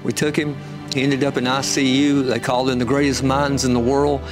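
A man guest telling an emotional testimony with fervent storytelling, rising high when excited. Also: fairly quick, music in the background.

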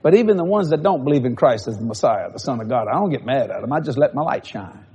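A man's voice: mid-range voice, lively intonation, fast, dark tone, highs cut off. A man preaching a sermon in a folksy, storytelling way, often breaking into laughter. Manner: laughs often between phrases.

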